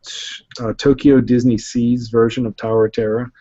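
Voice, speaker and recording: A man's voice: medium pitch, level tone, moderate pace, warm tone, dry recording. Brief: male guest, laid-back chat, dry and dull recording. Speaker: podcast guest. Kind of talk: casual chat. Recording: dry, dull lo-fi podcast audio.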